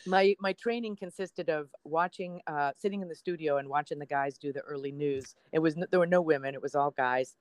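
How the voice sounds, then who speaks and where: A woman's voice: low-pitched, fairly quick, few pauses, dry recording. A woman in her sixties, a TV meteorologist guest, telling a personal story in a podcast interview and acting out what people said. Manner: chatty storyteller, acts out quoted dialogue.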